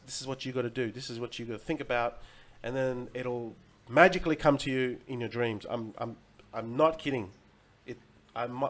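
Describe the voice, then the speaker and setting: Emphatic man giving a motivational pep talk. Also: medium pitch. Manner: emphatic and repetitive, keeps asking "right?"; swings between loud peaks and quiet drops. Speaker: crypto livestream host. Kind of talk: motivational monologue.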